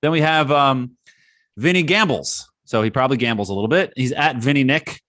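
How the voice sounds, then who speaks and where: A man's voice: medium pitch, lively intonation, fairly quick, a bit bright, no room sound. A man hosting a sports fan podcast in casual chat who laughs often and reads out listener tweets. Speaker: podcast host.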